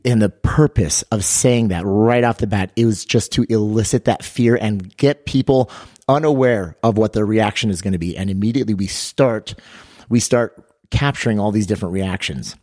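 A man's voice: moderate pace, no room sound, clean studio sound. A man co-hosting a podcast, telling a story as a fitness coach and acting out the quotes he tells. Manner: energetic storyteller, acts out quotes with raised pitch.

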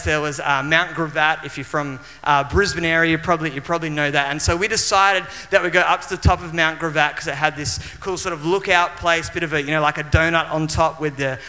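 A man with an Australian accent preaching a sermon, telling a personal story in an animated way with frequent restarts. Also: fairly high pitch. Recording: long reverb of a church hall.

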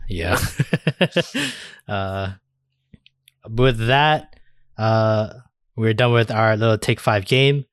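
A man's voice: on the low side, drawn-out words, pauses often, clear, resonant tone, dry recording, clean studio sound. A man hosting a casual podcast, chatting loosely, swearing freely and leaning on fillers like "uh" and "like". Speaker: podcast host.

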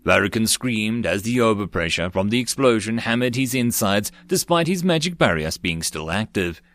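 A man narrating a web-novel audiobook in a steady storytelling manner. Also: fairly low pitch, normal speed. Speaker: audiobook reader.

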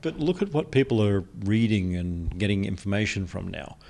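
Podcast guest, man, low voice, measured and pausing. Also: animated, creaky, a little mellow. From Australia. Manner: measured explaining with many "um" pauses. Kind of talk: conversational interview.

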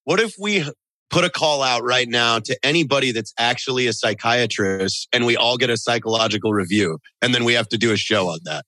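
A man's voice: mid-range voice, a little fast, sharp tone, dry recording, poor audio. A man chatting casually and playfully on a podcast. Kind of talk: casual chat.

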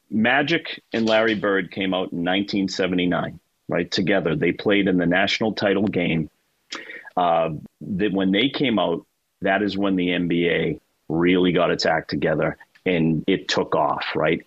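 A man's voice: low voice, breathy edge, dry recording, highs cut off. A man with a Boston accent, a sports commentator guest telling stories in an emphatic, chatty way on a radio chat.

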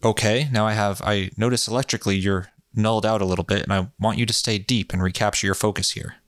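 A man voicing a calm male session monitor, giving slow, measured, repeated directions in a hypnotic manner. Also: fairly low pitch, no echo, studio quality, natural voice.

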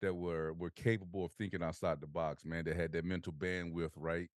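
Male podcast host, forties, very low voice, dry close sound, lively storyteller. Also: brisk, dry recording. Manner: animated storytelling, laughs often, acts out quotes. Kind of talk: casual conversation.

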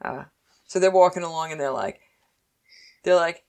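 A woman casually recapping a TV episode with a co-host, playful and quick to act out the characters. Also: low-pitched, steady tone. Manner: playful, acts out characters in quick voices, laughs often. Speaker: podcast co-host.

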